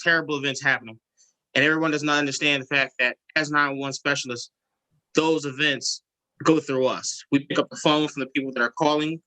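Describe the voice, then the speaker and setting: A man's voice: fairly high pitch, sharp tone, rough recording. A man, a 911 specialist, giving earnest, somewhat hesitant testimony at a legislative hearing. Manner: earnest, hesitant, many fillers.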